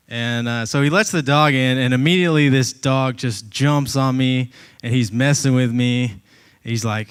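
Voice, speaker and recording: A man doing a stand-up comedy set, telling stories in an animated way and acting out voices, on a club stage with a handheld mic. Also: medium pitch, clear, resonant tone. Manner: animated storytelling, acts out voices.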